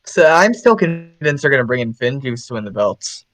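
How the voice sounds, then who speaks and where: A man's voice: mid-range voice, big pitch swings, fairly quick, fairly bright tone. A man in a casual podcast chat, giving blunt opinions and swearing casually.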